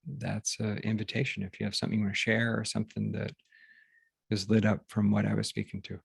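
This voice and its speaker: A man hosting a group session, talking casually and haltingly, with many fillers and restarts, over a video call. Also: on the low side, flat delivery, vocal fry, breathy edge, no echo. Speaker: workshop host. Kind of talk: casual teaching talk to a group.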